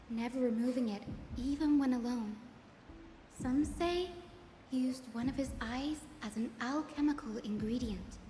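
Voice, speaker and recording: This is a woman voicing a young guide in a fantasy game, relating old lore in a soft, earnest way. Her voice sits high and carries a long reverb. Music plays underneath the whole time. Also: lightly acted. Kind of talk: game dialogue. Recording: roomy game audio with music behind.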